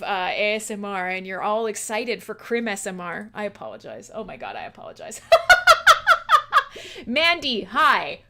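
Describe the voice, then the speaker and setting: A woman's voice: mid-range voice, bright, forceful tone, slight background noise. A woman hosting a casual livestream radio show, chatty and scattered, giggling a lot and swearing freely. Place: home streaming setup.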